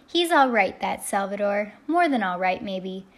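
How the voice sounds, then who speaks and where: A woman's voice: medium pitch, expressive, unhurried. A woman narrating a first-person audiobook in a heartfelt storytelling manner. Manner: heartfelt storytelling, shouting the quoted lines.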